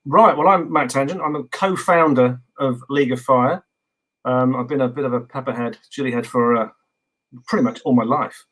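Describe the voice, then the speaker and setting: A man from England as a guest in a casual video interview, relaxed and rambling with many fillers. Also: mid-range voice, moderate pace, rough recording.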